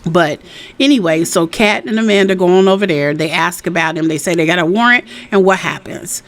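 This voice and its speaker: A woman's voice: fairly low pitch, a little fast. A woman giving a casual, chatty recap of a TV episode, retelling scenes in her own words. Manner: chatty, retells scenes with quoted dialogue, frequent "you know". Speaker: TV recap host.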